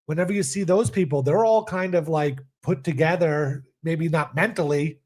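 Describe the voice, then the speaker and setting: A man co-hosting a podcast, chatting casually and reacting with quick remarks and frequent laughs. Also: on the high side, a little mellow. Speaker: podcast co-host. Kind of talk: casual chat.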